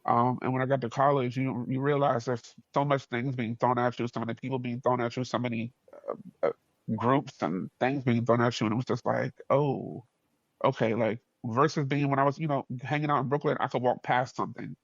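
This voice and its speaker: A man with a New York accent, a podcast guest telling a story in a slangy, animated way with frequent laughs. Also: medium pitch, a little fast, dry recording, highs cut off.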